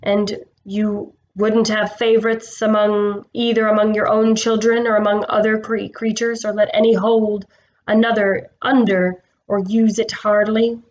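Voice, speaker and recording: A woman voicing a wise, solemn male lion king who speaks slowly and gravely. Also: mid-range voice, level tone, darkish tone, highs cut off, close to an everyday voice. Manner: slow, grave and measured.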